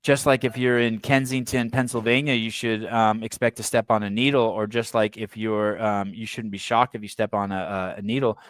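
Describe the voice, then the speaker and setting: A man from the San Francisco Bay Area reads a news article on his podcast in a fairly low, flat voice at normal speed, hardly pausing at all. He breaks off into blunt, provocative, irreverent asides. There's no room sound.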